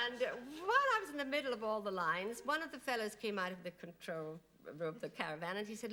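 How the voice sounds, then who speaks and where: A woman guest on a TV chat show, telling animated anecdotes and laughing often. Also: medium pitch, quick pace, few pauses. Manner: giggly, animated storytelling with frequent laughs. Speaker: guest impressionist. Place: TV studio.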